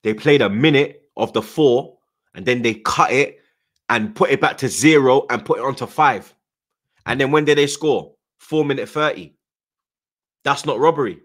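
A man rants through a live fan watchalong stream, his voice forceful and tense. He swears hard, repeats taunts and keeps firing back "yeah?" at the chat. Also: medium pitch, normal speed. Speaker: streamer hosting a football watchalong.

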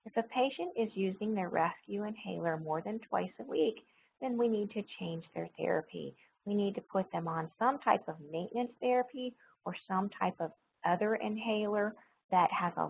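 A woman teaching a recorded pharmacology lecture, explaining step by step, repeating key points and pausing with frequent ums. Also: on the low side, gravelly, phone-quality sound, slight background noise. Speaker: nursing pharmacology instructor.

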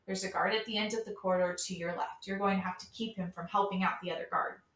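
A woman reading the part of a young male leader giving orders in a brisk, commanding way. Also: mid-range voice, fairly even intonation, fairly bright tone, roomy sound, recorded from a distance, lightly acted.

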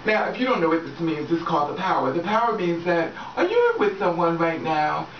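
A relationship-advice vlogger talks frankly and casually to her viewers, laughing often and swearing freely. Her voice is fairly low with big pitch swings and a fairly quick pace. The room echoes, the mic is distant and dull, and there's faint background noise.

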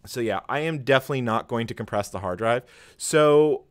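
A man's voice: medium pitch, brisk. A man hosting a live tech stream, rambling through commentary with many fillers and self-deprecating chuckles.

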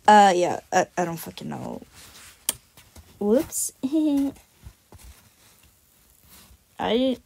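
A woman's voice: fairly low pitch, animated, slow pace, pauses often, slight background noise. A woman on a video channel casually describing her drawn cat characters, rambling and self-deprecating, with many fillers and some casual swearing.

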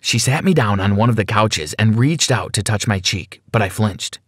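A man narrating a scripted first-person story for an animated channel, in an expressive, dramatic way. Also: on the low side, moderate pace, no echo, studio quality.

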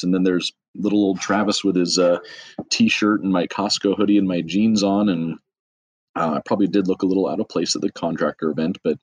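Husky low-voiced man telling stories. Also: no room sound, low-quality recording. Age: middle-aged. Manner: chatty, self-deprecating, quick asides. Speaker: guest, trades business owner. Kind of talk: casual storytelling.

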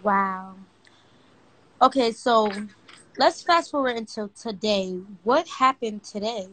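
A woman hosts a casual livestream interview, asking questions and turning to her viewers in a brisk way. Her voice sits fairly high. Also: a bit bright, slight background noise, rough recording. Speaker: livestream host.

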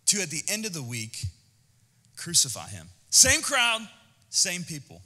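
Lively, bright-voiced male pastor preaching. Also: high voice, moderate pace, big-room sound. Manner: animated, conversational preaching with jokes. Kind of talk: sermon. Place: church auditorium.

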